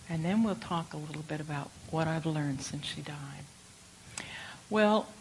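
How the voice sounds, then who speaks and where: An older woman giving a reflective Buddhist dharma talk, telling stories gently. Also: low-pitched, vocal fry, slight background noise, poor audio. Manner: slow, reflective, gentle storytelling. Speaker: Buddhist teacher.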